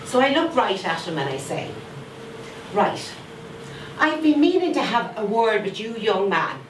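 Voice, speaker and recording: An actress performing an older widowed grandmother who fiercely guards her garden and its cats, telling her story with slow, emphatic repetition. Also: on the high side, sing-song. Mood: scolding. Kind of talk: theatre monologue. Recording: echoey room, far from mic, faint noise.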